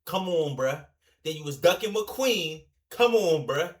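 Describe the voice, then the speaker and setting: A man hosting a reaction video, talking casually and rambling in a slangy, animated way, often addressing his viewers directly. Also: a little high, a little slow.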